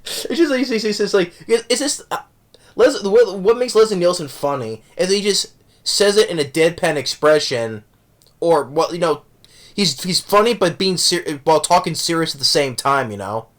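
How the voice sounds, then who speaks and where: A man's voice: high-pitched, lively intonation, normal speed. A man casually reviewing a movie, rambling with many restarts and self-corrections, chuckling as he recounts the jokes.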